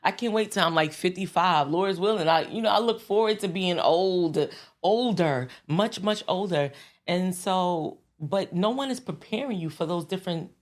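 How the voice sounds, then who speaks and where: A woman in her thirties with a New York accent and a low voice talks easily as an interview guest. She circles back on her words, restarting often. Laughter breaks into her phrases. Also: normal speed. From the Bronx, New York. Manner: animated and laughing, with many restarts and fillers. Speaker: guest recording artist. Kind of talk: casual interview chat.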